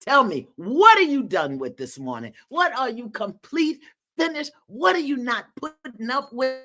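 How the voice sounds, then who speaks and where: Animated woman hosting a live call. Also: high-pitched, a little slow. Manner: animated, laughing, folksy and preacherly, calls out encouragement. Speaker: host of a live community call. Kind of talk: lively live-stream talk, reading viewer comments aloud. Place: her home in the countryside.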